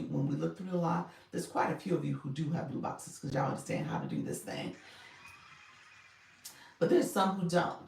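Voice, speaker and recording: A woman's voice: fairly low pitch, gravelly, darkish tone. A woman coaching on a casual livestream, thanking viewers by name and laughing often. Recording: echoey room, mic at a distance.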